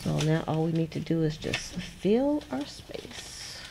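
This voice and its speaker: A low-pitched woman chats away as she crafts at her desk. Her talk is loose and playful, and she often laughs and answers viewers. A faint hiss sits under the recording. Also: sing-song, slow pace, vocal fry. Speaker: crafting channel host. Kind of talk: casual crafting livestream chat.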